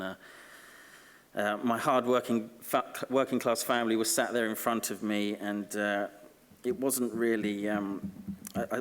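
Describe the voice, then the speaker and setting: A man delivers a dry, self-deprecating graduation speech, full of halting ums and deadpan asides. His voice sits on the low side. It rings out with a long echo through a large ceremony hall. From Essex, England. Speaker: honorary graduate giving an acceptance speech.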